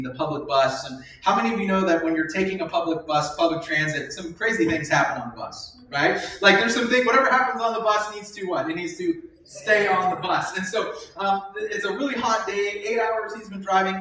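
Man, pastor, lively sermon, fairly high voice, echoey church hall, distant mic. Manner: animated storytelling with questions to the congregation. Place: church sanctuary.

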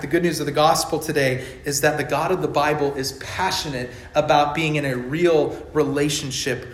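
A man preaching an emphatic sermon to his congregation, building to loud fervor. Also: a little high. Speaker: pastor. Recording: echoey church hall.

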